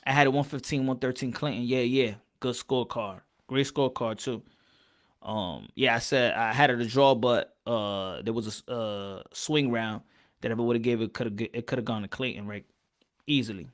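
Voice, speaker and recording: A man's voice: mid-range voice, moderate pace. A man hosting a casual boxing live stream, hyped and repeating his phrases. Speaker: podcast host.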